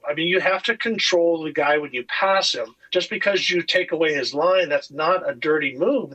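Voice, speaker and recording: Husky former racer telling war stories. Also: male voice, a little high, lo-fi sound. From California. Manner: animated, swears freely, acts out quotes. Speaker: guest, retired motocross racer. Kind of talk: casual podcast storytelling.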